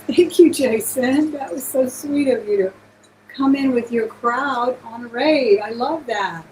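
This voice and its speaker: A woman's voice: a little high, takes it slowly, a little mellow, slight background noise, rough recording. A woman hosting a live-stream jewelry auction, chatting casually and gushing thanks to her viewers.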